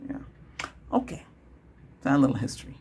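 A man in whispered role-play as a doctor, talking in a chatty, rambling way, laughing often and moving between a whisper, a soft voice and his normal voice. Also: moderate pace, a little hiss or hum.

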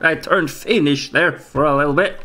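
A man with a Swedish accent, doing joking, excitable let's play commentary with loud outbursts and swearing. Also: a little high. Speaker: gaming streamer.

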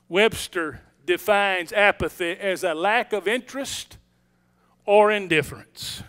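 A pastor delivers his sermon in a strikingly high, smooth and resonant voice. He takes his time, rising to emphatic declarations and dropping to a hushed tone for his stories. His tone is bright and ringing. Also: measured pace. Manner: emphatic preaching, swinging from loud declarations to hushed storytelling. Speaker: senior pastor. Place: church sanctuary.

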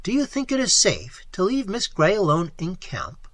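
A reader doing a polite, grave gentleman. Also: medium pitch, sing-song, normal speed, dry recording, voice pushed up. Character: polite, composed young gentleman.

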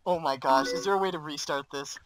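A man's voice: fairly high pitch, fairly quick, fairly bright tone, slight background noise. A male let's-play gamer commenting on his game, flustered and exclaiming often. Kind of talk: gameplay commentary. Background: game music.

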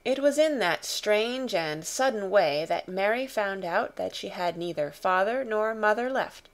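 Calm woman reading a classic novel. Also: mid-range voice. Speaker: audiobook narrator. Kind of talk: scripted narration of a classic novel.

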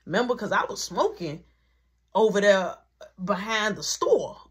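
A woman telling a story in a casual storytime vlog, animated and acting out each quoted voice as she goes. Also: medium pitch, measured pace, husky. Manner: animated, acts out every quoted voice. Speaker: vlogger.

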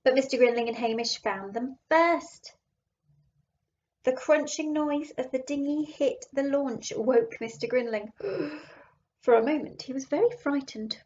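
A woman's voice: high voice, moderate pace. Woman teacher reading a storybook aloud. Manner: gentle, chatty asides to children. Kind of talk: reading a picture book aloud. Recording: dull lo-fi recording.

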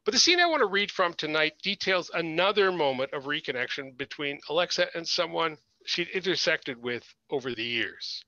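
A man, an author, reading aloud from his book at an online launch in a measured, expressive way. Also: on the high side, dry recording, lo-fi sound.

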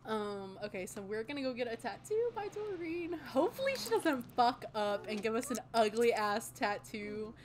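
Excitable young woman commentating a game. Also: fairly high pitch, normal speed, few pauses, a little hiss or hum. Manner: excitable, swears, gasps and laughs often. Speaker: gaming channel host. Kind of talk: casual gameplay commentary.

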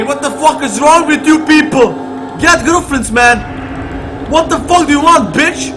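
A man giving profane, excitable commentary while playing a horror game, swearing and talking back at the characters on screen. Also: very high-pitched, normal speed, reverberant, background noise. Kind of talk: profane let's play commentary.

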